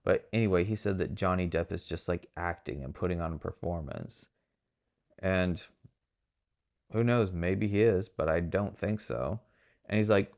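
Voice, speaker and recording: A man with a very low voice and a gravelly, fry-heavy edge talks through a solo podcast in a rambling, casual way. He is from Texas and hedges constantly with fillers. The recording sounds a little muffled and dull. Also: moderate pace. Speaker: podcast host.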